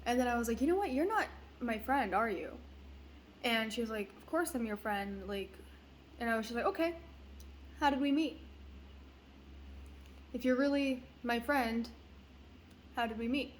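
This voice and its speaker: A woman's voice: on the high side, moderate pace, pauses often, slight background noise. A young woman and mother telling a story casually, rambling with fillers and swearing. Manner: rambling, profane, uses many fillers. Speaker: parent.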